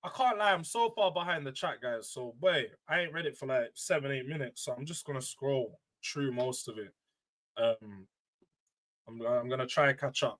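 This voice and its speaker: A man hosting a casual football live stream, loud and emotional, ranting and then bringing it back down. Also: medium pitch, moderate pace, low-quality recording. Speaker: livestream host.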